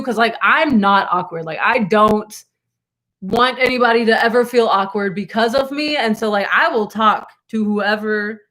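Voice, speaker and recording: Slow-talking young woman telling a story. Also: medium pitch. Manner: animated, laughing, rambling with asides. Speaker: vlogger. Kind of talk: casual storytime to viewers.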